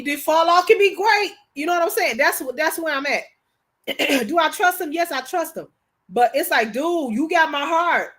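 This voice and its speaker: Woman, high-pitched, middle-aged, casual podcast chat, animated, lots of restarts. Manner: animated, many restarts and "you know what I'm saying". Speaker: podcast co-host.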